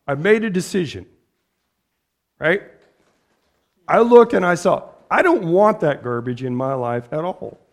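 Blunt pastor, high and gravelly, preaching in a loose conversational way and doing quick voices for the people he quotes. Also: a little hiss or hum. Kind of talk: casual sermon.

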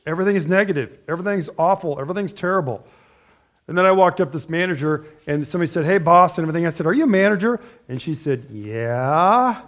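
A middle-aged male pastor gives a loose, story-driven sermon in a fairly high voice. He rambles conversationally, restarting sentences and tossing in asides as he talks to his congregation. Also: rapid-fire.

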